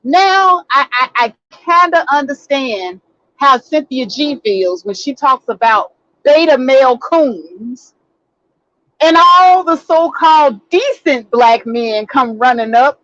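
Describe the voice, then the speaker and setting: Emphatic high-voiced woman streamer, slow delivery. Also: lively intonation, a bit bright, no room sound. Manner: emphatic, repeats key words, addresses viewers as y'all. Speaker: host. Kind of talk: casual live-stream commentary. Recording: dull lo-fi dry sound.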